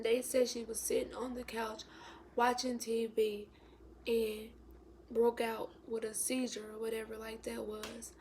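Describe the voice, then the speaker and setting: A woman's voice: a little high, a little mellow, a little hiss or hum. A young woman tells a sad story in a vlog, close to tears and often dropping to a whisper. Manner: emotional, tearful, drops to a whisper. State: close to crying. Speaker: vlogger.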